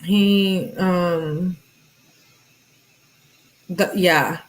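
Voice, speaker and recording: A woman's voice: on the low side, steady tone, extremely slow. A woman hosting a true crime channel, chatting casually and thinking aloud as she reads through text messages.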